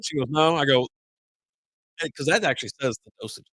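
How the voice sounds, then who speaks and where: A man's voice: fairly high pitch, fast, long pauses, fairly bright tone, dry recording, rough recording. A man in his forties, congested from a sinus infection, hosting a casual live stream and ranting in a rambling, exasperated way as he acts out both sides of phone calls. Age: 40s. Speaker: podcast host.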